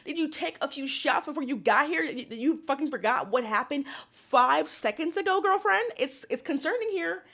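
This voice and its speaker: Young woman w a slightly high voice doing a sassy reality tv recap, exasperated and swearing. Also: lively intonation, a little fast, few pauses, fairly bright tone. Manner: sassy, exasperated, profane asides. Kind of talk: casual recap commentary.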